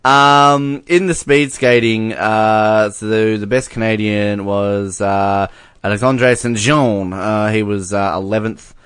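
A man's voice: on the low side, fairly even intonation, takes it slowly, fairly bright tone, clear, resonant tone, no room sound. A man co-hosting a casual sports podcast, rambling and joking with many fillers. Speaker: podcast co-host.

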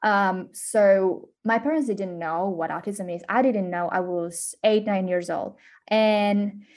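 A woman's voice: medium pitch, steady tone, takes it slowly. A young woman from Slovakia with a Slovak accent and British touches. She chats casually as a podcast guest, laughing often and using many fillers. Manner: warm, giggly, with many fillers. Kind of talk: casual interview chat.

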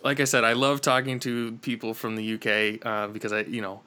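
Bright-voiced American podcast host. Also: male voice, on the low side, flat delivery, fairly quick, clean tone. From United States. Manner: hesitant, many fillers and restarts. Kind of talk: casual interview chat.

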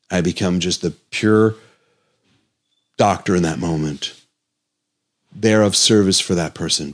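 A man hosting his own health podcast as a doctor, speaking in an earnest, emotional, pleading monologue. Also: low-pitched.

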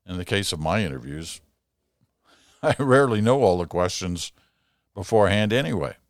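Older guy reading out listener letters, really low voice, dry close sound. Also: animated, moderate pace, no echo. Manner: conversational, explanatory, occasional chuckle. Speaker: podcast host answering listener mail.

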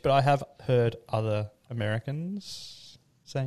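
Male podcast co-host, mid-pitched, casual and jokey. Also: measured pace, darkish tone. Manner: upbeat, jokey, laughs often.

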